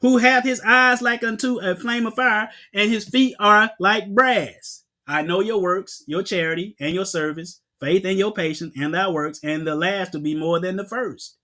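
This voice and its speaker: In a high-pitched, steady tone, this preacher teaches from the Bible at a moderate pace, hardly pausing at all. He stresses his points by asking and answering his own rhetorical questions, and his voice erupts loudly during scripture readings.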